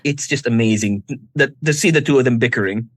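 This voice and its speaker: A man co-hosting a podcast, chatting casually about a film, animated and quick to laugh, often restarting his sentences. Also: medium pitch, no room sound. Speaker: podcast co-host. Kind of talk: casual film review chat.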